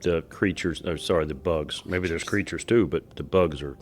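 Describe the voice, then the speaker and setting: A man co-hosting a casual podcast, chiming in with short reactions and quick jokes. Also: low-pitched, a little hiss or hum. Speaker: podcast co-host. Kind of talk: casual chat.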